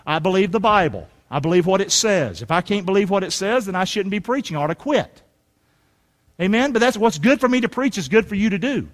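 A middle-aged male pastor preaching a sermon in a folksy, preacherly way that rises to shouts. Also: high voice, big pitch swings, fairly quick, long reverb tail.

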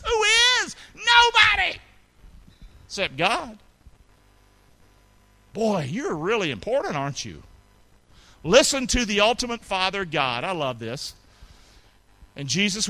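Lively, bright-voiced preacher man. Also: mid-range voice. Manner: call-and-response preaching, rising to shouts then dropping soft. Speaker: pastor. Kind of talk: sermon. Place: church sanctuary with congregation.

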